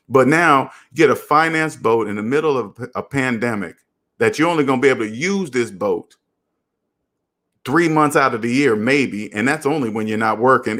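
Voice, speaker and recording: A man hosting a casual live stream, reading viewer comments and lecturing earnestly about debt. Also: mid-range voice. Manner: earnest, preachy, animated. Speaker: channel host.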